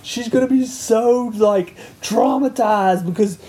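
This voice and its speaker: A man voicing his wife as a fretful, soft-hearted mother who scolds him in a raised, pleading voice. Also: a little high, slow, voice pushed up. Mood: reproachful. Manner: pleading, reproachful.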